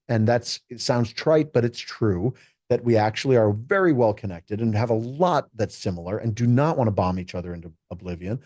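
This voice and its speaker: Mellow-voiced man telling stories. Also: mid-range voice, dry recording, clean studio sound. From United States. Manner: enthusiastic, animated storytelling with acted quotes. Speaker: keynote speaker and juggler. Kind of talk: casual interview conversation.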